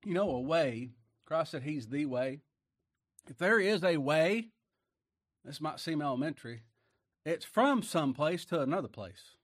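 A man preaching a sermon, swinging from quiet asides to loud emphatic bursts, with folksy talk and chuckles. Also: fairly high pitch, lively intonation, unhurried, pauses often, dry recording, studio quality.

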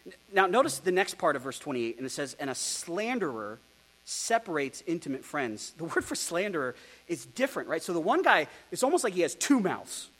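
A male pastor preaching an expository sermon, animated and rhetorical, with ironic asides to his congregation. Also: a little high, fairly quick.

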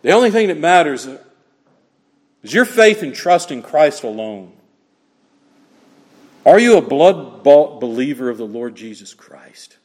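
A man's voice: a little high, big pitch swings, measured pace, long pauses, in a large hall. A man preaching an expository sermon, pressing his points with emphatic repetition and rhetorical questions to the congregation. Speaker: pastor.

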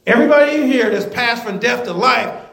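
A man's voice: very high-pitched, a little fast, vocal fry, a bit bright, reverberant. A man preaching a sermon to his church, folksy and emphatic, drawing the congregation in. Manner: folksy, emphatic preaching with call-and-response and chuckles. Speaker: pastor. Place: church sanctuary.

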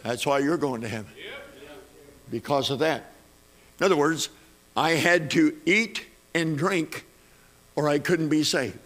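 Man, preacher, sermon, high voice, bright tone, repeats phrases, emphatic build-ups. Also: measured pace, pauses often.

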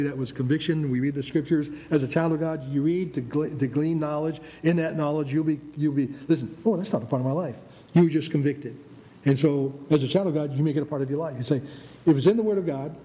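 A man's voice: on the high side, mellow. Man preaching a sermon in a reverberant hall. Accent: Michigan Upper Peninsula. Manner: emphatic, repeats phrases, stumbles on words. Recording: reverberant hall with faint ambient noise.

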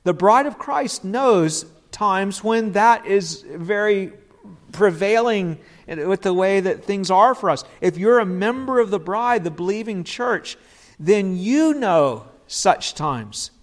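A man preaching an expository sermon in an earnest voice, acting out quoted lines and dropping low and quiet at times. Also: lively intonation, slow.

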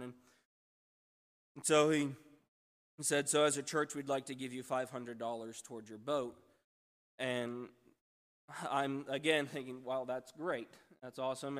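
Man telling a testimony, flat delivery. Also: mid-range voice. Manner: storytelling, with frequent restarts and praise. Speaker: missionary. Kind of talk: church testimony. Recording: long church hall reverb.

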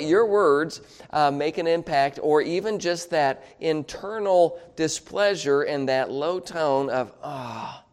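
A man preaching a sermon, chuckling often between points and getting the congregation to repeat words aloud with him. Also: fairly high pitch.

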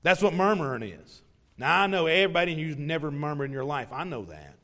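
High-voiced preacher in a reverberant church. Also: male voice, sing-song, quick pace, bright, forceful tone. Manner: conversational, joking with congregation, acts out voices. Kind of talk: evening sermon. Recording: long hall reverb.

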